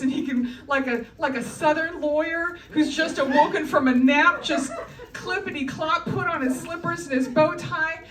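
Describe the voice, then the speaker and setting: Recorded from afar in a roomy club, a high-voiced woman does a stand-up set before a live crowd, with audience sounds and ambience in the background. Her delivery is wry and talkative, with frequent laughter between jokes.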